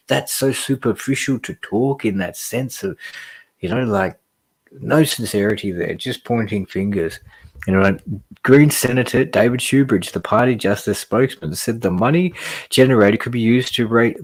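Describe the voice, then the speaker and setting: A fired-up man with a fairly low voice, hosting a casual podcast. He reads news items aloud and keeps breaking off into passionate, rambling asides. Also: moderate pace. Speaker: podcast host.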